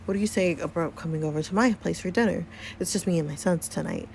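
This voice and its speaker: A woman voicing a warm, doting middle-aged mother in a story game, gushing and motherly. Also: fairly low pitch, quick pace, slight background noise, lightly acted.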